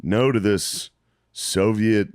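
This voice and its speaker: A young man with a low, deep voice chimes in on a casual comedic chat. He is laid-back and crude, mostly tossing in short replies. The sound is close and dry. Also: fairly even intonation, slow, darkish tone, dry recording.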